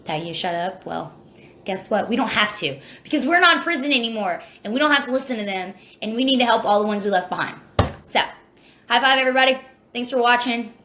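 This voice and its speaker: A woman's voice: a little high, animated, quick pace, pushed and bright. Woman, former prisoner, blunt, impassioned, plain-spoken, casual camera talk, light background hiss. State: near tears. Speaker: former prisoner sharing her story. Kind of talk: casual direct-to-camera video.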